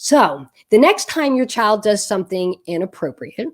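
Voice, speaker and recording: A middle-aged woman coaches parents through a personal story, speaking at an ordinary pitch. She tells it in an animated way and laughs at her own tale as she goes. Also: moderate pace. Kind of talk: storytelling parenting advice video.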